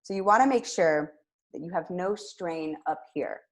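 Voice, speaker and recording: Young woman, speech teacher, lowish voice, clear upbeat delivery. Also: normal speed. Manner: clear, upbeat, demonstrates with examples. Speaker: public speaking teacher. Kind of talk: instructional lesson to camera.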